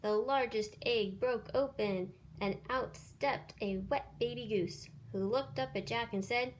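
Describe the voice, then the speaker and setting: A woman teacher reading a children's picture book aloud with expressive storytelling. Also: fairly high pitch, a little slow, a little hiss or hum.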